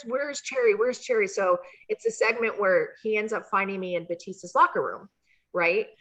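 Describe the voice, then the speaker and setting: A woman telling animated stories as an interview guest, slipping into high voices when she acts out what people said. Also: rough recording. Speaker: interview guest, former wrestling valet. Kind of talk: casual storytelling interview.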